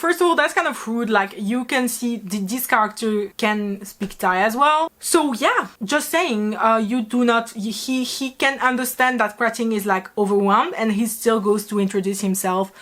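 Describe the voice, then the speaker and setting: A woman's voice: a little high, normal speed, few pauses, a bit bright. A young French woman with a French accent, giving casual, opinionated video commentary with critical asides. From France. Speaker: vlogger.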